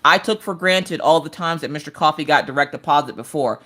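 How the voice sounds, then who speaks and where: Low-pitched lady in her 30s hosting a craft stream, telling stories all animated, squeaky quotes here and there. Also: brisk. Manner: animated storytelling, jumps to high squeals in quoted voices. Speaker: craft livestream host. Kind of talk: casual chat while crafting.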